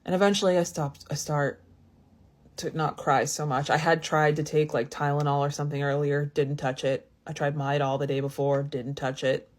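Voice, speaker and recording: Low-voiced woman telling a storytime. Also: flat delivery, moderate pace. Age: 30s. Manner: rambling and confiding, many restarts and "like". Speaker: vlogger. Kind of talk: casual storytime.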